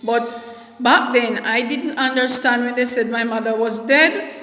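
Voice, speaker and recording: A woman telling a personal story in a halting, soft-spoken way, often repeating her words. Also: a little high, fairly even intonation. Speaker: vlogger. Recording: echoey room with long reverb.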